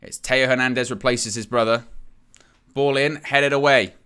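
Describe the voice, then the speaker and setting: A man talks through a football match live for his stream, in loose running commentary full of fillers and restarts. His voice is bright and forward, with a clean, clear tone. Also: mid-range voice, steady tone, normal speed. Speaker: fan channel host.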